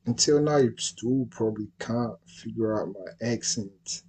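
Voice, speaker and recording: A man's voice: lowish voice, measured pace, a little mellow, slightly rough, rough recording. A man hosting his own livestream, talking in a laid-back, slangy way and often checking that listeners follow him. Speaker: livestream host. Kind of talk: casual livestream chat.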